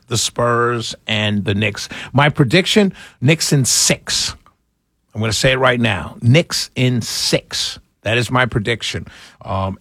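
A man's voice: mid-range voice, fairly bright tone, no echo, clean studio sound. A man from New York City, hosting a casual monologue and chatting through a story with lots of fillers and restarts.

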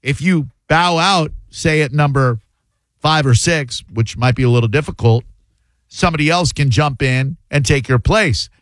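A man's voice: on the high side, normal speed, dry recording. Chatty male radio host. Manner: chatty, animated, jokey. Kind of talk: casual radio talk with callers.

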